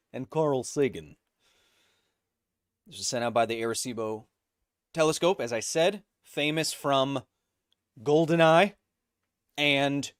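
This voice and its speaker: A man's voice: mid-range voice, dry recording, studio quality. A man in his thirties hosting a casual live stream, reading viewer comments aloud and joking between them. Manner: joking, reads chat messages aloud with quick asides. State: coughing fits. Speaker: livestream host.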